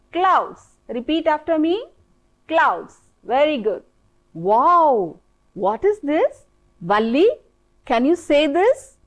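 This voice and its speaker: A woman teacher with an Indian English accent, speaking high and sing-song with lively rises and falls. She works slowly and patiently, repeating each word and coaxing the class to say it back. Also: rough recording. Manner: slow, repetitive, coaxing drill-style prompting. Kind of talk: televised classroom English lesson.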